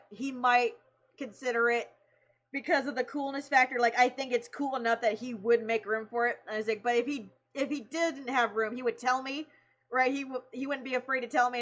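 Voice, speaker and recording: A woman streamer excitedly telling a story in casual chat, laughing, swearing and acting out the people she quotes. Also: on the high side, highs cut off.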